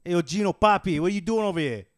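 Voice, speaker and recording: A confrontational male street tough who barks loudly and shoves his words at the listener, as a man puts on the voice. The sound is close and dry, and the voice sits a little high. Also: expressive, very fast, no room sound. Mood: aggressive. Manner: shouting and confrontational. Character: loud, aggressive male street tough guarding his block.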